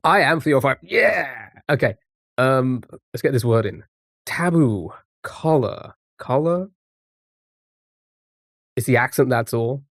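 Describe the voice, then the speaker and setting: A man's voice: mid-range voice, expressive, slow pace, pauses often, a bit bright, dry recording. Chatty male streamer, dry close sound. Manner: greets chatters by name, chatty and playful. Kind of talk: casual live-stream chat while playing a word game.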